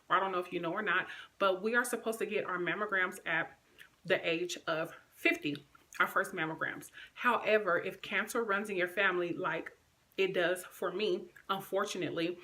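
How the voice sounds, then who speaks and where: A woman in her thirties talks straight to her viewers in a loose, rambling storytime. Her voice is bright and clear, close to the camera. Her pitch sits in a middle range. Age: 30s. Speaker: vlogger. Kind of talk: casual storytime chat to camera.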